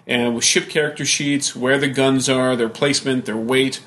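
A man's voice: medium pitch, steady tone, moderate pace, a bit bright, a little hiss or hum. Rambling man chatting about games. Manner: rambling, with many fillers and restarts. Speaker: podcast co-host. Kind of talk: casual chat about games.

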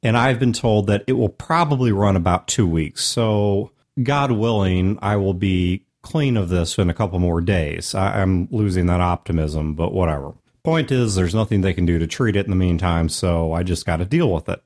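An American man with a sore throat hosts a solo podcast on his own. His voice sits a little low, but he jokes and keeps jumping up and down in pitch. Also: normal speed, hardly any pauses, a little mellow. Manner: joking, with big swings in pitch. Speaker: podcast host.

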